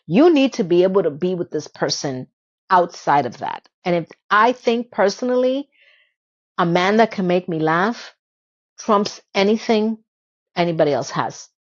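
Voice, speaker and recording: A woman's voice: fairly low pitch, lively intonation, a little slow, muffled recording. A woman hosting a casual TV recap, retelling scenes in a chatty way with sarcastic asides. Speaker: TV episode recap host.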